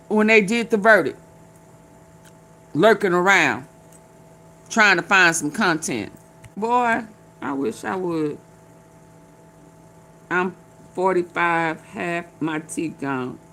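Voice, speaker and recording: A woman's voice: fairly low pitch, fairly bright tone. A woman hosting a livestream, chatting casually with her viewers, drawling, laughing and swearing as she reacts. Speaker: livestream host. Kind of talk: casual commentary to live chat.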